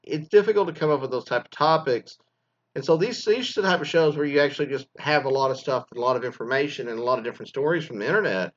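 Talking fast in a mid-range voice, this podcaster rambles animatedly from one tangent to the next in a casual commentary. The audio sounds dull.

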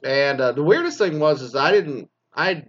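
A man's voice: fairly high pitch, expressive, moderate pace, fairly bright tone. Swearing ex-teacher guy ranting, casual and rambling, kinda dull lo-fi sound. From Texas. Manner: profane, rambling, mocking. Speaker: former teacher. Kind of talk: casual profane rant.

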